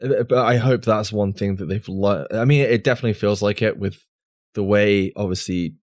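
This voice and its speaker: A man's voice: on the low side, normal speed, no echo, studio quality. A man co-hosting a podcast, chatting casually over drinks in a rambling way with plenty of restarts. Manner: rambling, restarts, filler words. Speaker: podcast co-host.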